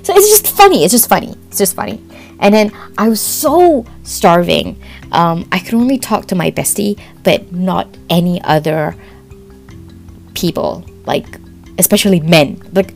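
A young woman with a Malaysian accent, hosting a podcast and telling a story in a giggly, excitable way, laughing often. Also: mid-range voice, normal speed, creaky, soft background music. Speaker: podcast host. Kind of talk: casual storytelling monologue.

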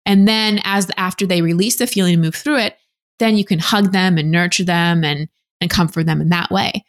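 A woman's voice: lowish voice, normal speed. A woman guest on an interview podcast, explaining things in an earnest, teacherly way as a relationship coach. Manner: earnest, teacherly, acts out example voices.

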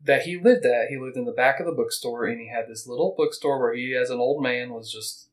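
A man's voice: medium pitch, rough recording. A man hosting a casual podcast, reading passages aloud and stopping to chat and joke. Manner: rambling, reads quotes and puts on quick voices for them. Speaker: podcast host.

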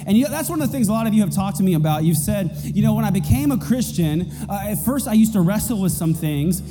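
High-voiced pastor preaching with emphatic repetition. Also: male voice, lively intonation, fast, few pauses, background noise. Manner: emphatic, repeats key points. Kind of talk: sermon. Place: church. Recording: reverberant hall with faint music.

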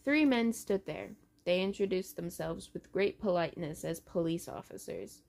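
A woman hosting a show, reading a horror story aloud in a halting way, restarting on words. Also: lowish voice, animated, vocal fry, darkish tone. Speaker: host reading books aloud.

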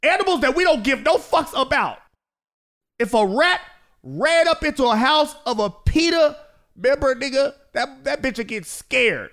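A man joking around in casual podcast chat, profane and animated. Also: extremely high pitch, normal speed.

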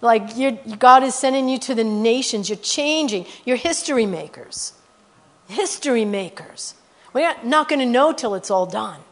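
A middle-aged woman preaching as a guest speaker, her voice sitting a little high. She tells stories with lively swings of pitch and bursts of loudness. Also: moderate pace. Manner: animated storytelling, rising to loud exclamations. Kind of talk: sermon testimony.

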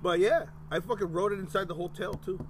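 A man's voice: high voice, a little fast, noisy background. A man telling loose, profane stories on a podcast and dropping slang into casual chat. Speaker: podcast host.

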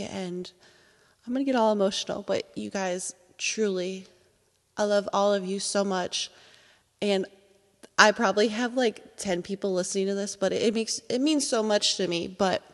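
Woman, 30s, solo podcast host at home; heartfelt, chatty, easily excited; some room reverb. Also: medium pitch. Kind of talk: casual solo podcast talk. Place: at home, indoors.

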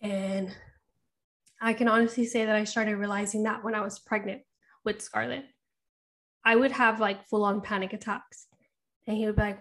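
A woman's voice: mid-range voice, steady tone, normal speed, pauses often, fairly bright tone. A woman co-hosting a podcast, chatting in a confiding way, laughing often and swearing casually. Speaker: podcast co-host. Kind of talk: candid casual chat.

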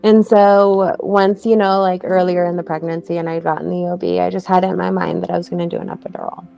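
A woman's voice: on the low side, little pitch movement, fast talker, gravelly, dark tone, soft background music. A young woman telling her own story in a casual, chatty way, full of "like" fillers and light laughs.

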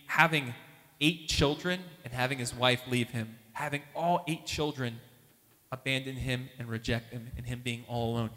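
A man telling a lively faith story as a testimony, acting out the voices of the people in it. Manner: animated, acts out quoted voices with big pitch jumps. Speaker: speaker at a Catholic gathering. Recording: long hall reverb.

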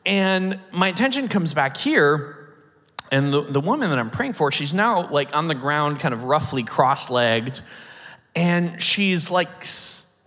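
A man from the United States preaching, telling a story in an animated way, acting out the quotes and laughing now and then. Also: a little high. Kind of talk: sermon storytelling. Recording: long hall reverb.

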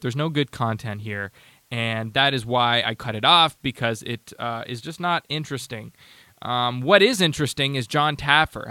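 A man's voice: mid-range voice, sharp tone, clean tone, no echo. A man hosting a casual talk show, sarcastic and rambling, with many restarts. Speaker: podcast host. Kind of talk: casual commentary.

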